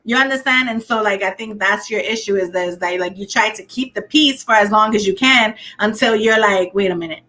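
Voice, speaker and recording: A woman's voice: medium pitch, a little fast, hardly any pauses, pushed and bright. Blunt woman co-host, casual chat, swears freely. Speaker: podcast co-host.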